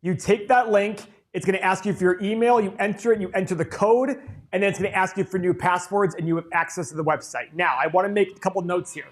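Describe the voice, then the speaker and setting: A man co-hosting a live stream, explaining a software release step by step in an upbeat way. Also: high-pitched, fast. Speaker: co-host announcing a software release.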